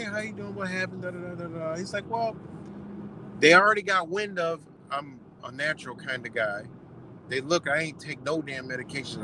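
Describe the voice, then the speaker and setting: A young man casually telling a story, quoting others in quick exchanges and swearing freely, recorded on a phone outdoors. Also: medium pitch, background noise. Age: young adult. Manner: retells doctors' talk in quick quoted exchanges, swears freely. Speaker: vlogger.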